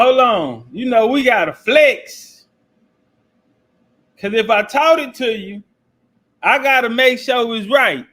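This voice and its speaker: A man with a very high voice reacts to a clip. He talks in a loud, profane, rambling way, breaking into laughter often. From South Carolina. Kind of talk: casual reaction commentary.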